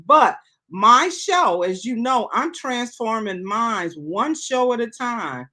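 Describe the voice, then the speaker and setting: Middle-aged woman, host of a live online talk show; casual, chatty, slightly high pitch, greets viewers as she reads their comments. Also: lively intonation, slow, bright, forceful tone.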